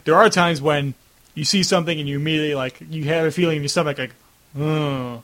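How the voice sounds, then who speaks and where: A man's voice: a little high, fairly even intonation, rapid-fire, fairly bright tone. A young man hosting a casual video-call chat, rambling with lots of "like" and acting out reactions. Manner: rambling, heavy use of "like", acts out reactions. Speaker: host.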